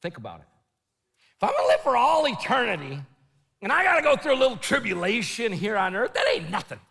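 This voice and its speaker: A middle-aged man giving a storytelling sermon at a conference, animated and shouting at the peaks. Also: extremely high pitch, fast talker, vocal fry, breathy edge. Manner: animated, shouting at the peaks, laughing, quoting himself. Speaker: conference speaker. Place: large conference hall. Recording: long hall reverb.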